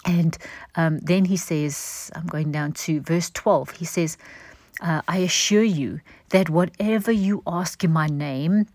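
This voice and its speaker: A middle-aged woman giving an earnest devotional teaching, gentle in manner and dropping to a soft breathy hush at times. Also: deep voice, slow pace, no echo. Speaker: Christian teacher.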